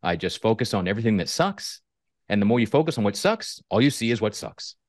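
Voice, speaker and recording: A man hosts a candid interview, reflective and halting as he restarts his sentences. His voice sits fairly low and moves with lively swings. The recording is dry and close. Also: dry recording. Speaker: host.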